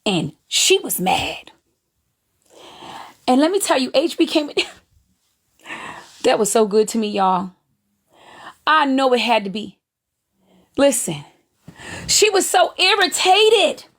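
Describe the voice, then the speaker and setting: Speaking slowly with frequent pauses, a high-voiced woman runs a live stream full of gleeful gossip commentary on other streamers. Her phrasing is animated and drawling, in Southern Black vernacular.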